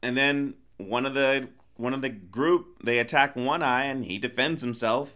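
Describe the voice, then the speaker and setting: Bright-voiced man retelling a movie. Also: medium pitch, measured pace. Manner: animated retelling, putting on voices for characters. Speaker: podcast co-host, the father. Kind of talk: casual movie review chat.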